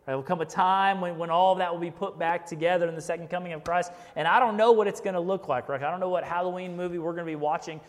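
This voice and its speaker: A man preaching in a relaxed, chatty way, tossing in jokes and a frequent "right?". His voice sits a bit high for a man. The sound carries the long reverb of a big church sanctuary. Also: quick pace, hardly any pauses. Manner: conversational, keeps asking "right?", jokes. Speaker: pastor. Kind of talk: sermon.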